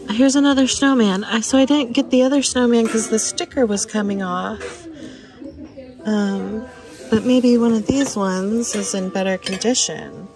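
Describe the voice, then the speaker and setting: Excited woman vlogging while shopping. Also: fairly high pitch, a little slow. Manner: excited, gasping, chatty. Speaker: thrift reseller vlogger. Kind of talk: casual shopping vlog. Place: store. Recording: music playing behind.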